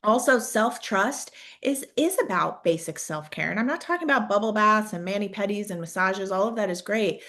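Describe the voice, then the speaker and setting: Woman career coach talking to a group, warm-up conversational delivery, reflective questions, medium pitch. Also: lively intonation, normal speed, hardly any pauses. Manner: conversational, peppers sentences with "right?"; encouraging, posing reflective questions. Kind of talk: coaching talk to an audience.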